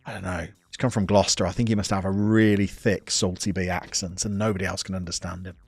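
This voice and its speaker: A man's voice: sits low, flat delivery, quick pace, slightly rough, no room sound. A man streaming a football management game, chatting casually and reading out chat messages as he goes. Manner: chatty, reads chat aloud, self-interrupting.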